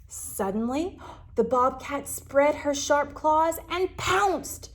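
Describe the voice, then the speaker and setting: A librarian reading a picture book aloud to children, animated, gasping and asking them questions. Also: female voice, high voice, slow.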